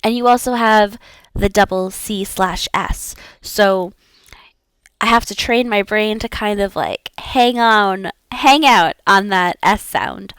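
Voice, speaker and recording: A woman's voice: mid-range voice, takes it slowly, fairly bright tone, clean tone, no echo. A young woman learning languages, repeating practice words aloud and chatting casually with fillers.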